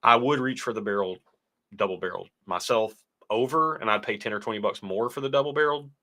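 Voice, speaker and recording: Young guy rambling thru live chat, kinda low voice, bright and forceful. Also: fairly quick. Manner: rambling, laughs easily. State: stuffy nose. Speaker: co-host of a whiskey tasting livestream. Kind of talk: casual chat, reading live chat aloud.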